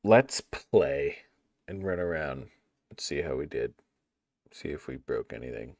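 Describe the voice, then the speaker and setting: Deep, lively man chatting on a livestream. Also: measured pace, dry recording, studio quality. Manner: chatty and playful, answering viewer chat. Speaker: livestreamer building a game map. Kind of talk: casual livestream chat.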